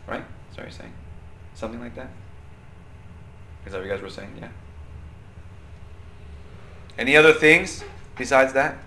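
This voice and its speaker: A young adult man leading a church group discussion, conversational and animated, often asking questions. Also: lowish voice, normal speed, pauses often, slight background noise. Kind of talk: interactive church teaching.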